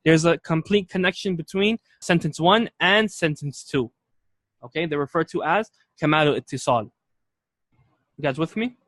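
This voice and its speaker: A man's voice: a little high, moderate pace, a bit bright, no echo. A male teacher giving a classroom lecture, patient and explanatory, repeating key points and checking that students follow. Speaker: Arabic teacher.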